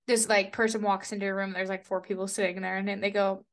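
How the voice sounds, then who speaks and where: A woman's voice: mid-range voice, fast talker. A young woman in her twenties, co-hosting a podcast and telling stories in casual chat, acting out the voices she quotes. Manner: animated storyteller, acts out quoted voices. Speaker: podcast co-host.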